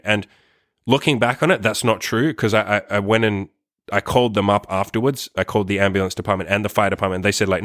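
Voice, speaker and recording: A man's voice: on the low side, brisk, fairly bright tone, no room sound, clean studio sound. A young man telling a personal story to camera in a rambling, profane way, full of fillers and tag questions. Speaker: vlogger.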